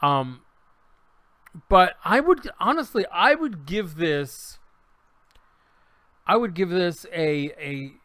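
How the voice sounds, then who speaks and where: A man's voice: high-pitched, slow, pauses often, no room sound. A man co-hosting a podcast, casually retelling a comedy show with many restarts and acted-out quotes. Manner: animated storyteller, acts out quotes, many restarts. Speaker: podcast co-host reviewing a show. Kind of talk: casual chat.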